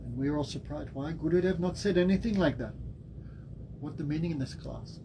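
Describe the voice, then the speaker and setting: A man giving a devotional class as a spiritual teacher, telling the story in a lively way. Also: a little high, a little fast, noisy background. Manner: animated storytelling with laughs and acted quotes.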